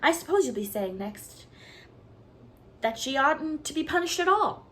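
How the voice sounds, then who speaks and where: A woman's voice: on the low side, animated, quick pace, fairly bright tone, slight background noise. Woman reader playing a stern, dry middle-aged spinster, scolding, storybook reading.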